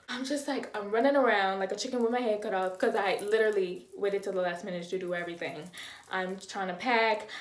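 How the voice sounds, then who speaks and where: A woman's voice: a little high, reverberant. A young woman in her twenties, telling a storytime vlog dramatically, acting out quotes and making sound effects. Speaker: vlogger.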